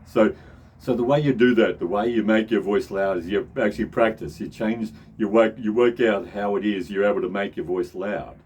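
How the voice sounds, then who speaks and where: A man's voice: on the low side, normal speed, darkish tone, a little hiss or hum. A middle-aged man giving a casual voice lesson, often restarting and repeating phrases as he speaks. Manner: shifts into demonstration voices. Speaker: voice teacher.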